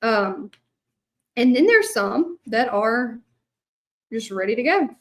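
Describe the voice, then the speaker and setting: Her voice slightly high and sing-song, this Southern-accented woman from Louisiana, a middle-aged hand-lettering artist, speaks slowly while crafting. She rambles casually with viewers on her livestream, using lots of fillers.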